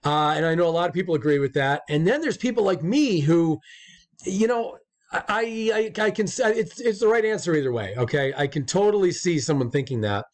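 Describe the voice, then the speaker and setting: Male co-host with a fairly high voice, loose and profane, rambling with restarts. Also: a little fast. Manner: stumbling repeats when excited. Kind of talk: casual chat.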